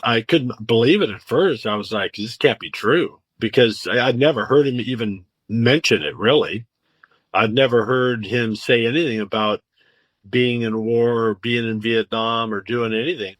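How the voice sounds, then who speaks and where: A man's voice: medium pitch, normal speed, a bit bright, no echo. A man being interviewed about his father, answering casually in a thoughtful, matter-of-fact way. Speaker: interviewee, son.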